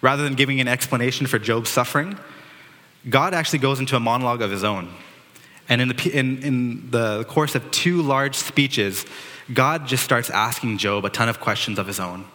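Male pastor, earnest sermon delivery, bright tone, long hall reverb. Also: medium pitch, normal speed. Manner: earnest preaching with dramatic quotes and restarts.

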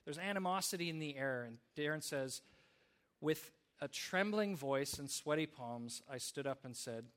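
A man's voice: fairly high pitch, expressive, normal speed, a bit bright. A man preaching a sermon, telling stories in an earnest way with small restarts. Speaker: pastor.

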